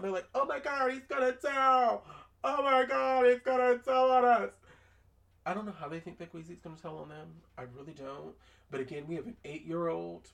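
A man's voice: on the high side, gravelly, recorded from a distance. A man hosting a podcast, casually recapping a cartoon episode and acting out the characters' lines in raised voices. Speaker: podcast host.

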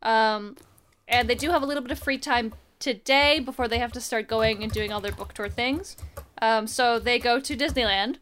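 A woman's voice: on the high side, moderate pace, fairly bright tone. Wry, chatty young woman recapping comics. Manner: chatty, wry asides, acts out quoted lines. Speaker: podcast co-host. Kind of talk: casual comic book recap.

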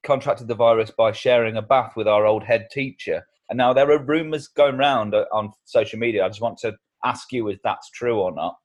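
A man's voice: medium pitch, normal speed, few pauses, muffled recording. A man co-hosting a casual comedy podcast, joking, laughing often and rambling with restarts. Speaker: podcast co-host.

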